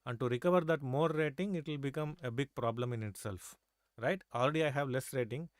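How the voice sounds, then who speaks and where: A man's voice: mid-range voice, a little fast, dry recording, studio quality. A man teaching a live chess lesson, coaxing his students with rhetorical questions and constant "right?" and "okay?" checks. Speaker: chess coach.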